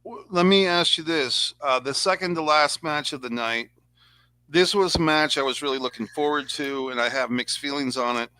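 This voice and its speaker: Bright-voiced sarcastic man. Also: fairly high pitch, normal speed, clean tone, no room sound. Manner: rambling, sarcastic, chatty. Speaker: podcast host. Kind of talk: casual wrestling review chat.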